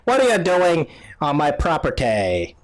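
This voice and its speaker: A hunched, arthritic old hermit woman, as a man puts her on, grumbling slowly and suspiciously in a tabletop game. The voice sits a little high and drags out each word like a grumpy grandmother. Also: huge pitch swings. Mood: cranky. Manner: slow, grumbling and querulous.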